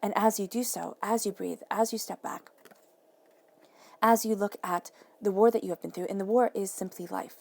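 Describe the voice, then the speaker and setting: A woman giving an earnest, encouraging tarot reading straight to the viewer, sometimes dropping to a soft whisper. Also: medium pitch, steady tone, normal speed, gravelly. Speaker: tarot reader.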